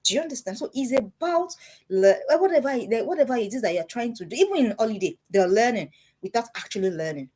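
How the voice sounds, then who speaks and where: Fast-talking, husky-voiced woman giving parenting advice. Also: a little high. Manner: animated, repeats herself for emphasis. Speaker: parenting speaker.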